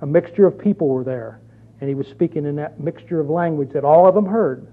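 Male preacher, high-pitched and emphatic, sermon delivery, tinny lo-fi recording. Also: fairly quick. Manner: emphatic, rhetorical questions, reads scripture aloud.

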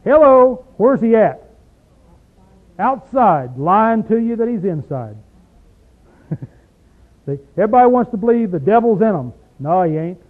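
A man preaching a sermon in a small room in an emphatic, folksy way, recorded on tape. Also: fairly high pitch. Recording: tinny phone-like tape recording.

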